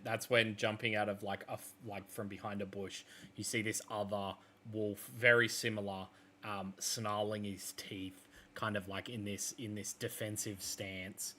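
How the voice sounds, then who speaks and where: Low guy running a tabletop game, loose rambling narration, faint background noise. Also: flat delivery, moderate pace, bright, forceful tone. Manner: loose, filler-heavy description. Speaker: game master.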